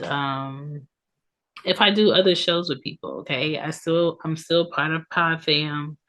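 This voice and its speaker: Here a podcast host in her thirties talks casually on her own, with plenty of ums and tag questions. She has a low-pitched, fairly bright voice that sounds congested from allergies.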